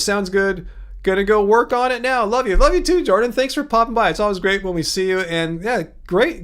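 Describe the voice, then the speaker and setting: A man in his fifties hosts a casual livestream, reading viewer comments aloud. He talks in a chatty, rambling way and thanks people by name. His voice sits high with a gravelly rasp. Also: a bit bright. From California. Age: 50s. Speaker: livestream host.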